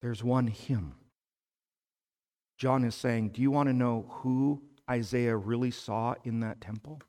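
Male pastor, unhurried emphatic sermon delivery, church hall echo. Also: medium pitch, fairly even intonation, a little mellow. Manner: slow, emphatic preaching with rising fervor. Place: church sanctuary. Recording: long hall reverb.

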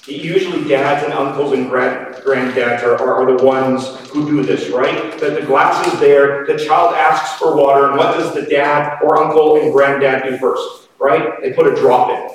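A man preaching a sermon slowly and emphatically, his voice swinging from loud to quiet. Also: mid-range voice, steady tone. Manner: slow, emphatic preaching with dramatic swings in loudness. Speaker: pastor. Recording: echoey hall, distant mic, faint noise.

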